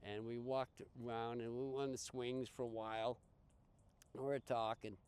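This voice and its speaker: Male podcast guest, conversational storyteller, smooth clear tone, mid pitch, lots of false starts. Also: moderate pace. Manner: rambling, full of restarts and fillers, animated quoting. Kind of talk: casual storytelling.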